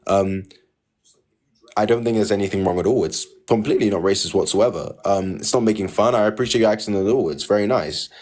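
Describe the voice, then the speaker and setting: Insistent low-voiced male debate host. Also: fairly quick, darkish tone. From Nigeria. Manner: insistent, argumentative, talks over the caller. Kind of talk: livestream debate.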